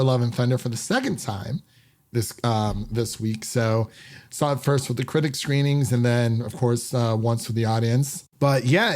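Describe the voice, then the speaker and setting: An upbeat, chatty man hosts a relaxed podcast conversation. His voice sits at an ordinary middle pitch. He talks in an easygoing, friendly way. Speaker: podcast host. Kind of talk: casual podcast chat.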